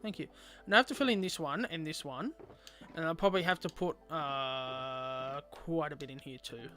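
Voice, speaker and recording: A man's voice: a little high, normal speed, pushed and bright, soft background music. A man streaming a game, chatting casually with viewers and rambling aloud with lots of fillers.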